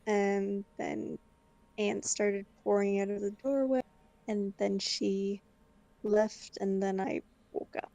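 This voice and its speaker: Woman player, gravelly mellow voice, chatty retelling. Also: medium pitch, flat delivery, takes it slowly. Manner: chatty, lots of "I'm like" quoting. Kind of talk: recounting a dream in a tabletop game.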